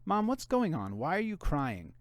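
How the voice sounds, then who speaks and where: A man's voice: on the high side, huge pitch swings, normal speed, no echo, voice pushed up. Man doing an anxious young woman deputy. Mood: pleading. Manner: pleading, insistent. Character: worried young woman deputy questioning her mother.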